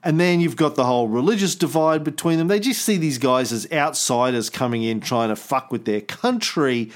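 A man's voice: mid-range voice, normal speed. A man hosting a casual history podcast, telling the story in a loose, chatty way with the odd swear word. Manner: animated storytelling, swears, puts on voices for quotes. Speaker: podcast host.

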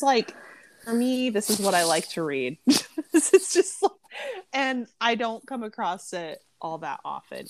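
A woman chatting casually about a book she loved, opinionated and often laughing. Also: on the low side. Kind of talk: casual book review chat.

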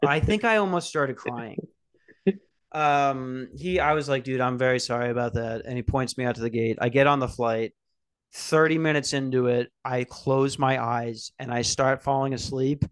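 A man's voice: mid-range voice, normal speed, clear, resonant tone. A young man casually telling a rambling story on a podcast, swearing and acting out quotes. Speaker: podcast host.

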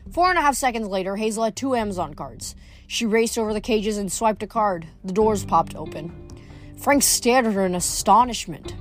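A woman reading a novel aloud, expressive, with small slips now and then. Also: medium pitch, normal speed, soft background music. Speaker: audiobook reader.

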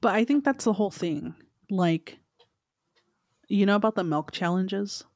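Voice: medium pitch, lively intonation, a little slow, a little mellow, no echo, clean studio sound. A co-host in casual chat, talking in a laid-back, musing way with some hesitation.

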